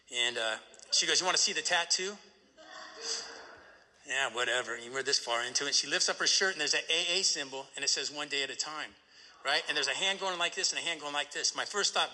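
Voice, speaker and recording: A man's voice: a little high, sharp tone. A middle-aged man telling his recovery story to a live audience, acting out the voices of the people in it and asking "right?" after each turn. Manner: storytelling, acts out quoted voices, tag question "right?". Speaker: recovery meeting speaker. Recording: echoey hall.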